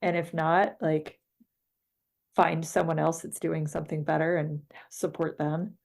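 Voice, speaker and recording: A woman's voice: deep voice, flat delivery, measured pace, gravelly, darkish tone. A woman co-hosting a podcast, talking in hesitant, filler-heavy casual chat and laughing often. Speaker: podcast co-host.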